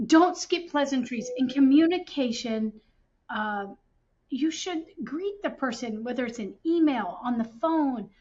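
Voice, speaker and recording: A woman co-hosts a podcast, telling stories with emphatic indignation in a casual tone. Her voice sits fairly high. The sound is somewhat dull and lo-fi. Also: expressive, a little slow, darkish tone. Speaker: podcast co-host. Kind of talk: casual chat.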